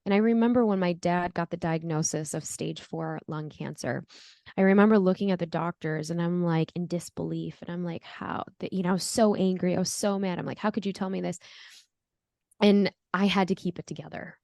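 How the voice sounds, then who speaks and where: A woman's voice: fairly low pitch, steady tone, brisk, gravelly, darkish tone, dry recording, clean studio sound. Earnest woman telling her story. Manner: earnest, reflective, many fillers. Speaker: guest. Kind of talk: candid personal storytelling.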